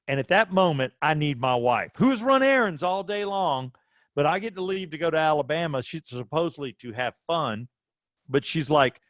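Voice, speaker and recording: A man, co-hosting a casual podcast and telling a story animatedly, his voice jumping high when he quotes himself. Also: dry recording, lo-fi sound. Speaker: podcast co-host. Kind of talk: casual chat.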